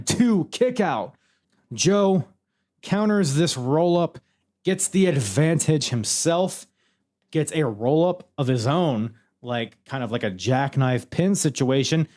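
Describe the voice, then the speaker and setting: A man hosting a podcast alone, excitedly recapping a wrestling match move by move and swearing freely. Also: fairly high pitch. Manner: excitable, swears freely, calls moves like a commentator. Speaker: podcast host.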